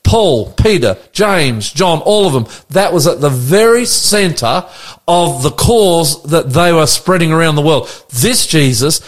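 Australian man leading an animated Bible study. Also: a little high. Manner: animated, quizzing his co-host with questions. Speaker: pastor.

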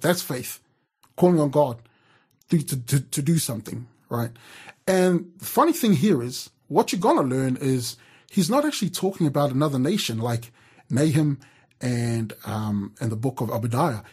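A radio presenter from New Zealand gives a casual devotional talk, chatting and telling stories with frequent fillers and restarts. His voice sits on the high side, husky and darkish in tone.

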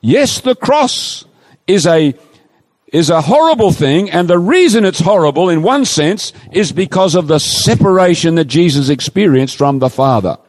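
Preacher man with lively pitch, reverberant hall. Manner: emphatic, pleading, drawn-out quoting of scripture. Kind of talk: sermon.

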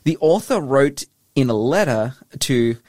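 A man's voice: medium pitch, animated, a little slow, darkish tone, dry recording. A man co-hosting a radio show, playful and laughing often while reading out listener messages. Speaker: radio co-host. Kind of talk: casual radio chat.

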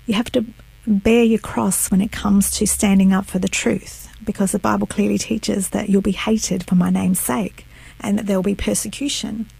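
A woman's voice: medium pitch, level tone, moderate pace, creaky, warm tone, breathy edge, no echo, poor audio. A middle-aged woman giving her personal testimony as an interview guest, telling her story earnestly and acting out what others said. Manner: earnest storytelling, acts out quotes.

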